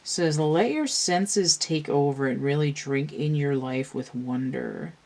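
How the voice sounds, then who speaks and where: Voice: medium pitch, gravelly, a little mellow. A tarot reader talking casually through a card spread, musing aloud, tired from pain. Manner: slow, musing, thinks aloud with restarts.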